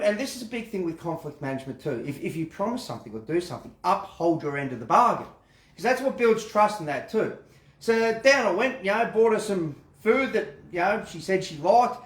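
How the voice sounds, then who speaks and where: A man's voice: high-pitched, reverberant. A man, giving a casual instructional talk on handling conflict, rambling and repeating words as he acts out exchanges. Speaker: self-defense instructor.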